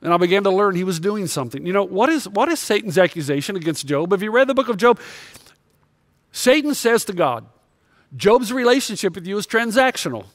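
High-voiced impassioned male pastor. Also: animated, fairly quick, no room sound. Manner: impassioned confessional storytelling. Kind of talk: sermon.

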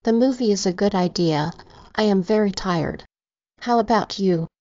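A woman's voice: mid-range voice, normal speed, dark tone, no echo, close to an everyday voice. A woman reading a possessive young boyfriend. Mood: assured. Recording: slightly dull, dry recording.

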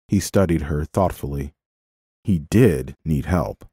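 A man narrates a novel in a measured, expressive reading voice. His tone is deep and warm. The recording is dry and close to the mic. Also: slightly rough, no room sound. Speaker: audiobook narrator. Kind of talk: scripted narration.

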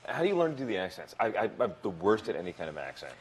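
A man hosting a morning show, chatting in an upbeat, quick-to-react way with his guests. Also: lowish voice, sing-song. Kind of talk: casual morning radio interview.

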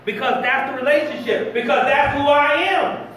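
A man preaching a lively, plain-spoken sermon in a church, slangy and teasing with his congregation. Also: very high-pitched, normal speed, a little hiss or hum. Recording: very echoey hall, mic far off.

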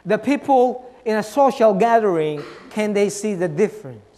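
At a normal speed, an animated male pastor with a notably high voice preaches, hammering home his points through repeated rhetorical questions. He drops from loud stresses into soft, low asides, with a long reverb tail trailing behind.

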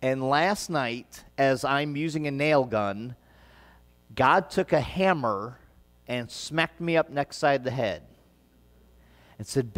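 An earnest pastor with a Midwestern American accent preaches a sermon in a church sanctuary, his medium-pitched, fairly bright voice animated yet slow, with frequent pauses. His conversational delivery rises into emphatic passages, and the hall adds long reverb.

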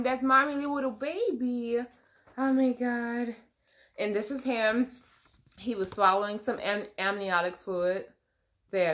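A woman's voice: mid-range voice, fairly bright tone. A young woman vlogging a casual pregnancy update, chatty and gushing, with lots of ums and likes. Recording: echoey room.

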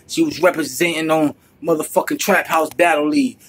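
Hyped husky-voiced man ranting. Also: on the high side, fairly even intonation, a little fast. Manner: hyped, profane, repeats phrases over and over. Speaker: battle rap reviewer. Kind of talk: excited casual recap.

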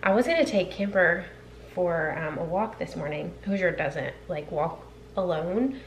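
A young woman in her twenties chatting casually in a home vlog, rambling with fillers, and switching to a high sing-song voice to call her dogs. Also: unhurried, highs cut off, a little hiss or hum. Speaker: vlogger.

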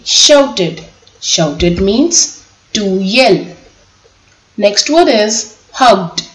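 A woman teacher giving an online lesson to young children, reading a story aloud slowly and spelling out words letter by letter. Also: medium pitch. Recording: echoey room.

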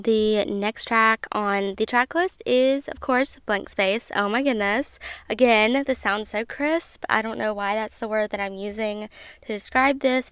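A woman's voice: fairly high pitch, fairly bright tone, smooth, no room sound. A woman, hosting a podcast and gushing over music in bubbly, casual chat. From Southern United States. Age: 20s. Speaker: podcast host.

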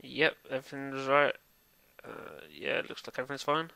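A man's voice: medium pitch, steady tone, normal speed, creaky, clean tone, dry recording. A young man casually commentating a game as he plays, rambling and hesitant with lots of fillers and restarts. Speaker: gameplay video host. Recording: game music loud behind voice. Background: loud game music.

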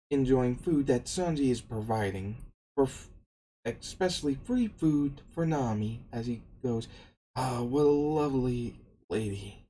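A man narrates an anime recap in a slow, unhurried drawl with a dark, mellow tone. His delivery is casual and meandering, and he often restarts sentences midway. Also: medium pitch, low-quality recording.

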